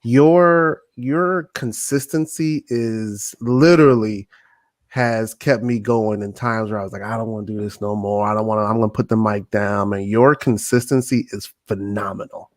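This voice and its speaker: A man's voice: on the low side, steady tone, normal speed, no room sound, clean studio sound. Teasing, slangy man on a podcast. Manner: warm praise and playful teasing, slangy. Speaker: podcast guest. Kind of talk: casual podcast chat.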